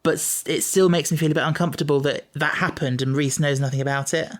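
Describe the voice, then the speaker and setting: A man's voice: a little high, steady tone, quick pace. A young man co-hosting a podcast, talking casually and hesitantly about a TV episode with many fillers. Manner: agreeable, hesitant, lots of fillers. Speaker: podcast co-host. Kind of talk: casual chat reviewing a TV episode.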